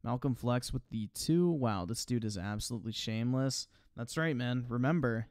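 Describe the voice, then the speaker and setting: A man's voice: mid-range voice, moderate pace, a little mellow, no echo, clean studio sound. A man doing casual livestream commentary on clips, mocking and sarcastic, swearing freely while reading out chat donations. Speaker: streamer reacting to clips.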